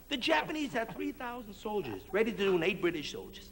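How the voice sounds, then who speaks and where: Brash comedian guy rattling off jokes quick, high and animated, old tv variety show. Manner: brash, rapid patter with mock accents. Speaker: stand-up comedian. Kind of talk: nightclub stand-up routine.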